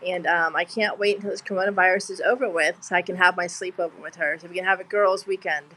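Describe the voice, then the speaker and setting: Lady on a video call, bright clear voice, rambling and heartfelt, lots of restarts. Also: fairly low pitch, fairly even intonation, fast, low-quality recording. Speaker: guest. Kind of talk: emotional casual chat.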